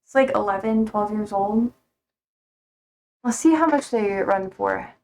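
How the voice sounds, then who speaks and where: A woman's voice: mid-range voice, a little slow, gravelly, darkish tone. A young woman live streaming from home, chatting casually in a rambling, easygoing way, swearing offhandedly and laughing easily.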